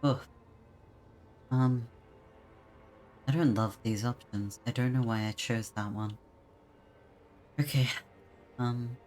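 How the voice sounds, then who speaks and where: A streamer musing slowly and puzzled through a game, reading choices aloud. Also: medium pitch, fairly even intonation, darkish tone, faint music behind. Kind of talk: casual gameplay commentary.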